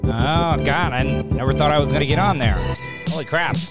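A podcast host with a slightly high voice talks briskly over loud background music. He's running a casual live-stream chat from his lamp-lit home studio on a desk podcast mic with a mixing board, rambling, putting himself down, and often repeating himself.

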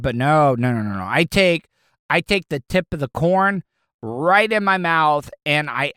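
Male solo podcaster, slightly high voice, dry close sound, rambling and crude, lots of restarts. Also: fairly bright tone, no room sound. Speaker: podcast host. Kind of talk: casual solo monologue.

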